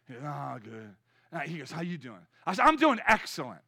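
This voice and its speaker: A man in his fifties preaching a sermon with energy, swinging between loud exhortation and quiet storytelling. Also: a little high, a little fast, creaky. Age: 50s. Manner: energetic preaching, rising loud then dropping to soft storytelling. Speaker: pastor.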